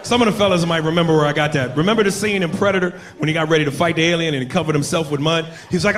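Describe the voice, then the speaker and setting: A man doing a profane stand-up comedy routine with loud impressions on a club stage. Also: fairly high pitch, very fast, hardly any pauses. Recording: live club with loud crowd and noise. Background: audience laughter.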